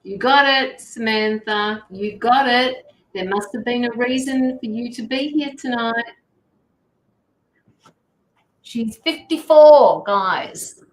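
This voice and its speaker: A woman's voice: fairly high pitch, takes it slowly, long pauses, a little hiss or hum, low-quality recording. An Australian woman hosting a tarot livestream, chatting casually and greeting viewers as she reads out their comments. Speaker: tarot reader and livestream host.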